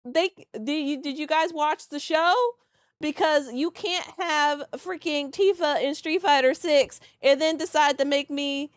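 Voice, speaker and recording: Giggly high-voiced woman streamer. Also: measured pace, no echo, studio quality. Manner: excitable, giggly, rambling. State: teary from crying. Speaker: live streamer. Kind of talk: live reaction stream chat.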